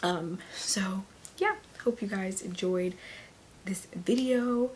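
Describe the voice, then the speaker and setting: A heavily pregnant woman talking casually to her camera, short of breath, rambling with fillers and often dropping to a breathy near-whisper. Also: medium pitch, drawn-out words, long pauses, slight background noise. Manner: chatty and rambling, many fillers, laughs often. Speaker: vlogger.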